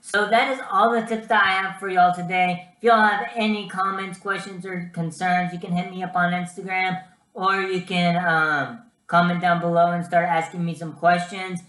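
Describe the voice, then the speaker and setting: A man's voice: sits high, moderate pace, reverberant. A young man giving casual vlog advice, chatty and full of ums and uhs. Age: young adult. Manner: chatty, lots of ums and uhs, animated storytelling. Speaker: student vlogger.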